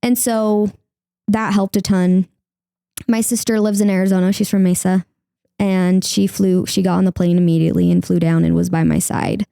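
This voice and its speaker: Young woman guest, creaky mellow voice, candid and chatty, close dry podcast mic. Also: lowish voice, little pitch movement, normal speed, no echo. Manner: candid, heavy use of "like", acts out her own past words. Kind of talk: emotional personal interview.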